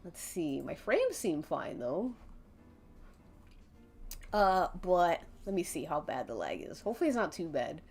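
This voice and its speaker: Woman streamer running an interactive story for chat, giggly and unhurried, voice swooping up and down. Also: on the low side, sing-song, vocal fry, a little mellow, breathy edge, soft background music. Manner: giggly, often breaks off laughing and restarts.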